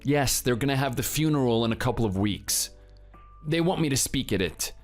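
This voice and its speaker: A man's voice: mid-range voice, animated, normal speed, soft background music, lightly acted. A man playing a cold, defensive husband. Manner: curt and defensive. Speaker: partner. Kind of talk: dramatized story dialogue.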